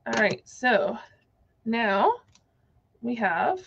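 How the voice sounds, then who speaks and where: A woman's voice: fairly high pitch, very animated, very slow, gravelly, a bit bright, slightly rough, muffled recording. A woman giving a casual, chatty crafting tutorial, thinking aloud as she works. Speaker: card-making demonstrator.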